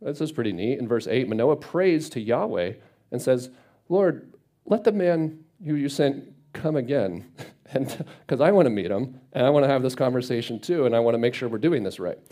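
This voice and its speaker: A man's voice: medium pitch, lively intonation, brisk, warm tone. A man teaching a Bible passage casually, reading verses and retelling them in everyday speech. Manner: conversational, paraphrases scripture in everyday speech.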